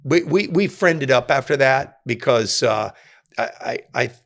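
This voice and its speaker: A man telling a story from his time in prison in a casual interview, dropping low and quiet when he quotes others. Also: lively intonation, unhurried, creaky.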